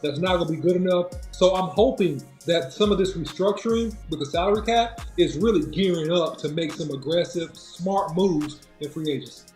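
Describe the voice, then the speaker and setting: A man on a sports talk panel giving earnest analysis, his voice going hoarse. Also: high-pitched, normal speed, hardly any pauses, a little mellow, echoey room, faint music behind. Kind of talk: casual sports talk stream.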